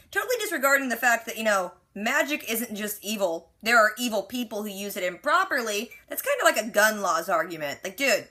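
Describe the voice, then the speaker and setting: Chatty female recapper with a bright, forceful tone and quick sarcastic asides. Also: mid-range voice, sing-song. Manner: quotes characters with lots of "like". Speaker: TV reaction recapper. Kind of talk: casual episode recap.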